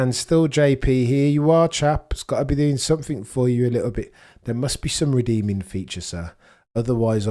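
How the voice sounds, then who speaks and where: A man's voice: on the low side, warm tone. A young man hosting a live stream, chatting casually and joking with his chat while reacting to the action.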